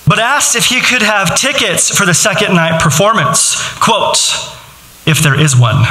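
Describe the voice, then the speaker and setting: A man preaching a sermon as pastor, animated and joking, laughing along with his congregation. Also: sits high, reverberant, low-quality recording. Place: large church auditorium.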